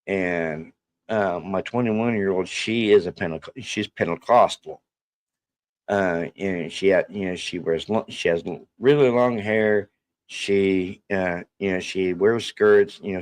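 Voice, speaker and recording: Gravelly halting middle-aged man. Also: low voice. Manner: halting, many restarts and fillers, acts out quoted voices. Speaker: livestream co-host telling a family story. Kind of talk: rambling casual storytelling.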